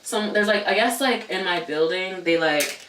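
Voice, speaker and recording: A man vlogging a casual storytime, talking fast and loose with lots of filler words and the odd swear. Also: sits high, pushed and bright, far from the mic, a little hiss or hum. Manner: chatty, many "like" fillers, swears. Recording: echoey room, voice away from mic.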